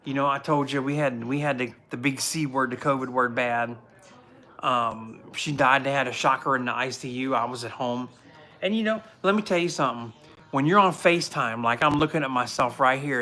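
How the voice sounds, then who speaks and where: Speaking fairly quickly in a mid-range, bright, forceful voice, a man in his forties who is both police officer and show host livestreams casually from home. His stories are earnest and rambling, and he keeps restarting.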